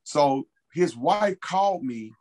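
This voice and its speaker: A man's voice: on the high side, lively intonation, takes it slowly, a little mellow, poor audio. A man as an interview guest, telling a personal story in a casual, earnest way and repeating key phrases for emphasis.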